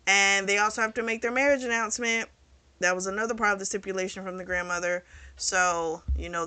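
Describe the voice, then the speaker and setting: A woman's voice: mid-range voice, sharp tone, dry recording. A woman hosting a book review channel, chattily recapping a romance novel's plot and slipping into the characters' quoted lines. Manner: chatty retelling with quoted dialogue.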